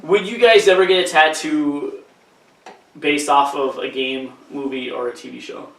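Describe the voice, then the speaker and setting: A man with a slightly high voice chatting on a gaming podcast, rambling and joking and swearing freely. He is recorded from a distance in a room with a lot of echo, so his voice sounds roomy and set back from the mic. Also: steady tone, normal speed, a bit bright. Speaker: podcast co-host. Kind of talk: casual chat.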